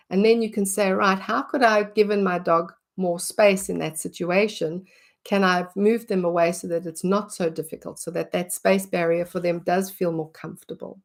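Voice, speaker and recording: A woman's voice: on the low side, steady tone, moderate pace. A middle-aged woman, teaching about dog behaviour in a casual way and acting out what she would say. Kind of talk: conversational teaching talk.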